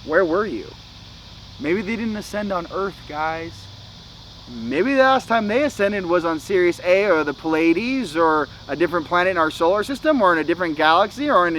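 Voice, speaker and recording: Young man, slangy casual spiritual vlog, slightly high voice, faint crickets at night. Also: a bit bright, a little hiss or hum, poor audio. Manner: loose and slangy, with many fillers like "you know" and "okay". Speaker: spiritual channel host.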